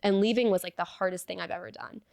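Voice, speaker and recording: A young woman speaks as an interview guest, her voice carrying a gravelly fry. She tells her story earnestly, with many fillers of "like", recorded close and dry. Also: medium pitch, fairly even intonation, fast talker, darkish tone, no room sound. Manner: earnest, fillers of "like", reenacts dialogue. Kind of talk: personal storytelling in conversation.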